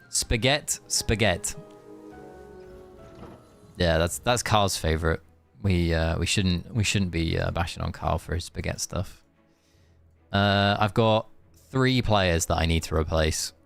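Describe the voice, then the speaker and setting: A man's voice: low-pitched, lively intonation, measured pace, vocal fry, a bit bright, soft background music. A British man chatting casually on a live game stream, playful and musing aloud as he talks.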